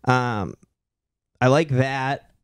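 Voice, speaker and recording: A man's voice: mid-range voice, extremely slow, clean tone, dry recording. Casual young Boston guy, swearing freely. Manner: loose, swears freely, lots of "dude". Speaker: podcast guest. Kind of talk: casual chat.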